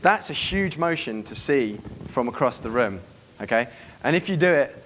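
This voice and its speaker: A man giving a seminar to a live room, brisk and profane, acting out club scenes as he goes. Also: medium pitch, expressive, fairly bright tone, a little hiss or hum. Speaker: dating coach giving a seminar. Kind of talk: live seminar talk to an audience.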